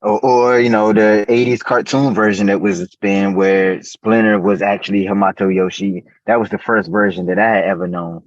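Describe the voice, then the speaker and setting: A man's voice: lowish voice, fairly even intonation, normal speed, hardly any pauses, no echo, lo-fi sound. Laid-back slangy man chatting. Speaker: podcast co-host. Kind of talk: casual geeky chat.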